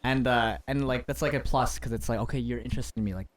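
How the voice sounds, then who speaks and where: A man's voice: medium pitch, fairly even intonation, fast talker. A young man co-hosting a casual podcast chat, rambling with lots of fillers and easy laughs. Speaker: podcast co-host.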